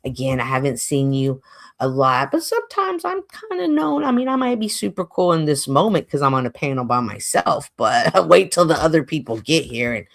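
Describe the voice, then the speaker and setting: Animated woman streamer, lively lower voice. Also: creaky. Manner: animated, expressive, laughs often, mimics others in high voices. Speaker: livestream host. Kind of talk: casual livestream monologue.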